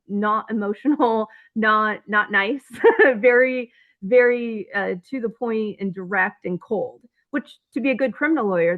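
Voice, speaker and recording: Woman retelling events over phone-line audio. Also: medium pitch. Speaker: interview guest. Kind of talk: telling her own story in a podcast interview.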